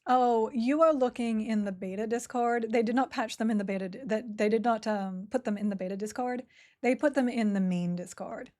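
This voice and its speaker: A woman's voice: on the high side, a little fast, mellow. Giggly woman streaming a game. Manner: chatty, giggly, self-mocking. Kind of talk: casual live-stream chat while playing.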